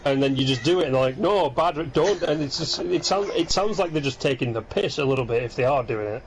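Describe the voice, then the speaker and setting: A man co-hosting a casual gaming chat, sleepy and rambling, breaking off mid-sentence to act out quick impressions. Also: mid-range voice, a crowd in the background, low-quality recording. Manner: rambling, self-interrupting, animated impressions. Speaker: podcast co-host.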